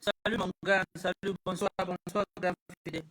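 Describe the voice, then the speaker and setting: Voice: mid-range voice, level tone, a little fast, fairly bright tone, no echo, low-quality recording. A live streamer, talking casually into an ordinary phone and asking the same puzzled questions over and over.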